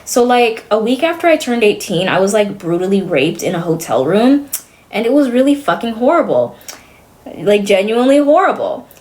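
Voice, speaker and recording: A woman's voice: mid-range voice, very animated, moderate pace, a little mellow. A young adult woman streamer chatting casually to her viewers, blunt and sarcastic, swearing freely.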